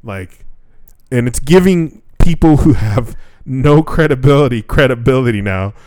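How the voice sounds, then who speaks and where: In a dry recording, a man with an expressive, unhurried, mid-range voice that's a little mellow co-hosts a casual podcast. He rants profanely and breaks into laughter frequently.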